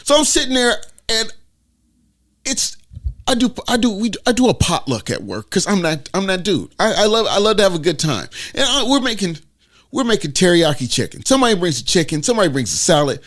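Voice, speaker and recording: Man, podcast co-host, high voice, very lively delivery, profane ranting. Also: a little fast. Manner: loud, profane, rambling storyteller. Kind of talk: profane comedic rant.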